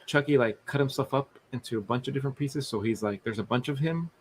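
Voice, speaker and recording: Male podcast co-host, mid-pitch, casual rambling delivery with restarts and laughs. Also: fast talker, a little hiss or hum. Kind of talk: casual live-stream chat.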